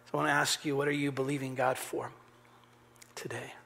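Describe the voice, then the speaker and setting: A man preaching a sermon as pastor, earnest, rising to urgent emphasis and dropping to a hushed near-whisper. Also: mid-range voice, flat delivery, fairly quick. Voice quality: gravelly, husky. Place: church sanctuary.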